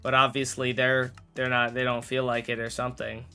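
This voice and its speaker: A young man with a mid-range, sharp yet smooth voice talks a little fast in a completely flat delivery, soft music playing behind him. Chatting on a live stream while he plays a game, he rambles, corrects himself and jokes with chat.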